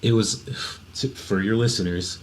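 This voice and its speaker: Low-voiced hesitant male podcast guest. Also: steady tone, a little slow. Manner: hesitant, lots of fillers and trailing off. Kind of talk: casual chat. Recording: faint background noise.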